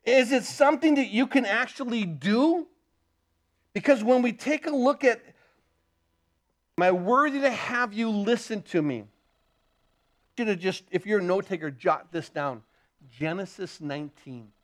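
A man with a high-pitched voice delivers an earnest sermon. He repeats words for emphasis and moves between urgent, driving passages and quiet, hushed ones. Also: expressive, measured pace, long pauses. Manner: earnest preaching, repeats words, rises and drops in intensity. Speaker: pastor.

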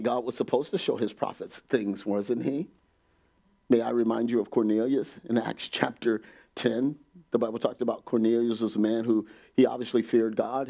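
A man preaching a sermon in a church, animated and laughing often, acting out quotes and dropping to a whisper at times. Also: mid-range voice, creaky.

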